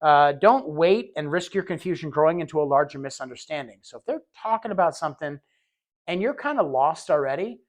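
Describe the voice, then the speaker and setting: A man with a slightly high voice leads a recorded training lesson for healthcare aides. His delivery is casual and conversational, full of repeated words as he restarts sentences. He keeps slipping into short acted-out scenes to show what he means. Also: lively intonation, a little fast. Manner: conversational, acts out little scenes in quoted voices.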